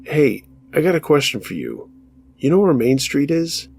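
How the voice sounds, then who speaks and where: A man's voice: deep voice, sing-song, brisk, creaky, a little mellow, slight background noise, voice pushed down, exaggerated voice. A man voicing a pushy male stranger who sounds pleasant on the surface but keeps pressing for a ride, in a told horror story. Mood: falsely pleasant.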